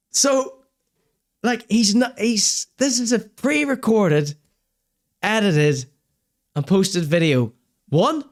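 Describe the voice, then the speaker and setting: A man hosting a livestream, sarcastically commenting on videos he plays for his audience. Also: high voice. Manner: sarcastic, mocking, swearing. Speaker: show host reacting to videos.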